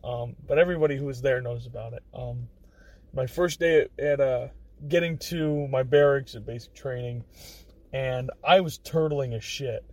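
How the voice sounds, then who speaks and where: A man guest on a podcast, telling a story in a casual, animated, profane way. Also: medium pitch, normal speed, far from the mic.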